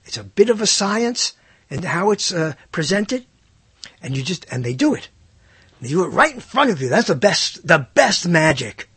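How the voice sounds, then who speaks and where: A man's voice: normal speed, slightly rough, no echo. An older man rambling through a musing monologue, his voice swooping up sharply on questions. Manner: animated, swoops up in pitch for questions. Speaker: speaker musing to listeners.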